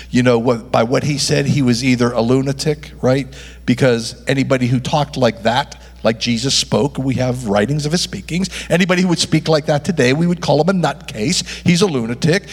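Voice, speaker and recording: A man's voice: fairly high pitch, in a large hall. A male pastor preaching a sermon, emphatic, tossing rhetorical questions at the congregation.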